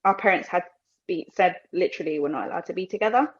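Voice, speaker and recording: Young woman, British English accent, from Colombia, podcast guest, animated storytelling, acts out voices, muffled lo-fi sound. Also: on the low side, quick pace. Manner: animated, acts out other people's lines; slips Spanish phrases into English. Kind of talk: casual storytelling.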